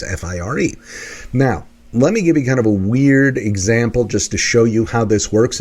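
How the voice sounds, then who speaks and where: A man coaching viewers in a lecture-style explanation, teaching in an animated way and acting out examples. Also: mid-range voice, slightly rough. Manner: animated teaching, acts out examples in put-on voices. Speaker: leadership and workplace coach.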